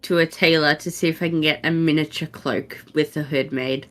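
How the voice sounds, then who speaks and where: A woman's voice: low voice, fairly even intonation, a little fast, a bit bright. A woman playing a tabletop game, eager and generous as she talks. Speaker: player. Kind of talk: tabletop role-play.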